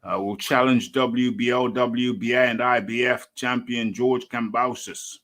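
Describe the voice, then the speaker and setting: A man's voice: mid-range voice, steady tone, unhurried, a bit bright. A man hosting a casual boxing talk live stream, rambling to himself and reading an article aloud. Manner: rambling, talks to himself and calls himself by name in the third person. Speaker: boxing talk show host.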